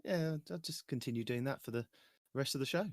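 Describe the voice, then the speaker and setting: A man's voice: mid-range voice, a little fast, no echo. A British man hosting a podcast in playful, teasing casual banter. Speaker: podcast host.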